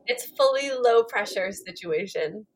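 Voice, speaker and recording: A woman's voice: mid-range voice, a little slow, vocal fry, crowd noise. A woman hosting a casual podcast interview, chatty and reassuring. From Canada. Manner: relaxed and reassuring, chatty, laughs easily. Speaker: podcast host.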